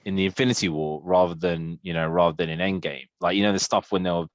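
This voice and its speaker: A man's voice: sits low, fairly even intonation, fast, no room sound, dull audio. A man co-hosting a podcast, chatting casually with lots of fillers, restarts and laughter. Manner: rambling, many fillers and restarts, laughs often. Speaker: podcast co-host. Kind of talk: casual chat.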